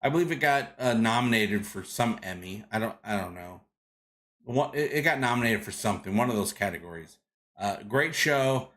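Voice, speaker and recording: A man's voice: lowish voice, expressive, normal speed, a bit bright. A man hosting a live stream, chatting casually and reading out viewer comments, rambling with many restarts and greeting viewers by name. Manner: rambling with frequent restarts and fillers. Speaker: live show host.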